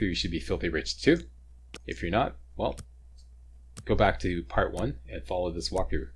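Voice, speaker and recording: Deep-voiced man narrating a game. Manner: chatty, joking, informative. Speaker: game walkthrough host. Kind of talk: video game commentary. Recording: faint ambient noise, sirens nearby.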